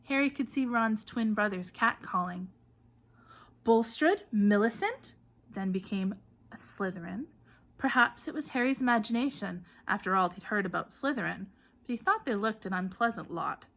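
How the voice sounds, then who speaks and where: A woman narrates an audiobook in a bright, forward voice. She reads in a lively way and gives called-out names and shouts plenty of energy. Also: mid-range voice, normal speed, creaky. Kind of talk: storybook narration.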